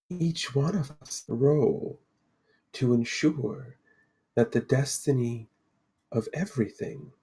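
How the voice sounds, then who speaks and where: A man puts on a serene, ancient spirit woman who speaks in slow, solemn pronouncements. Her voice is soft and a little husky. She sounds calm and cryptic, as if she already knows the outcome. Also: medium pitch, full character voice.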